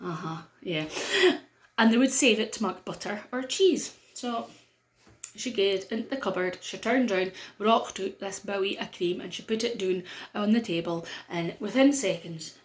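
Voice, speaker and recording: Playfully spinning a tale for children, a middle-aged North-East Scottish woman leans on dramatic pauses. She speaks at a medium pitch in an echoey room.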